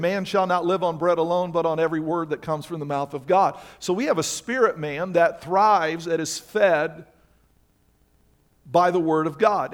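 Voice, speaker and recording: Man, high voice, preaching, rhetorical questions, pulpit emphasis. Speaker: pastor. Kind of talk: sermon.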